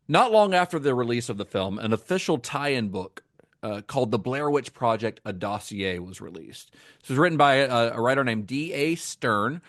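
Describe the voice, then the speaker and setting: A man's voice: mid-range voice, no room sound, studio quality. A man co-hosting a podcast, talking about films in a casual, enthusiastic way, with many fillers and restarts. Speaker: podcast co-host. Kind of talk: casual film discussion.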